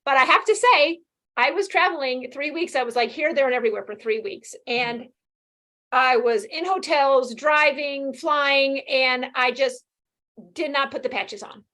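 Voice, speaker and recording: Fast-talking animated woman in her fifties. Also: high voice. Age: 50s. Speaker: guest sharing her experience. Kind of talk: casual interview testimonial.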